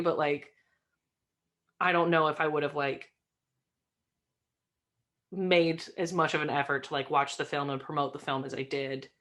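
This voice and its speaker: A woman guest in a casual interview, chatty and filling her talk with "like", rising into excited bursts. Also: low-pitched, unhurried, long pauses. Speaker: podcast guest, stream host.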